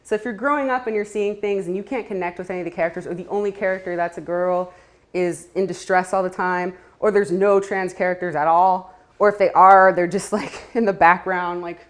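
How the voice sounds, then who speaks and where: A woman's voice: on the low side, fairly even intonation, a little fast. Chatty woman talking to a crowd. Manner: chatty, laughing asides, many fillers. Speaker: community speaker. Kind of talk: casual talk to a live audience.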